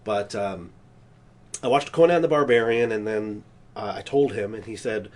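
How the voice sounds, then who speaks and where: A man's voice: on the low side, moderate pace. A man co-hosting a podcast in casual chat, rambling through stories and acting out the scenes he describes. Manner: animated storyteller acting out scenes; rambling with restarts. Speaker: podcast co-host.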